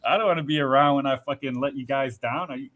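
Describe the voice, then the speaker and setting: A man's voice: medium pitch, quick pace, fairly bright tone, highs cut off. A man in casual podcast chat, telling rambling, profanity-laced stories with acted-out quotes. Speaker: podcast host.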